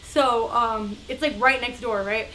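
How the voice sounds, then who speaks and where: Young woman, vlogger, high bright voice, chatty storytime, slight background hiss. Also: a little slow. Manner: chatty, animated, acts out other people's voices. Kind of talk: casual storytime.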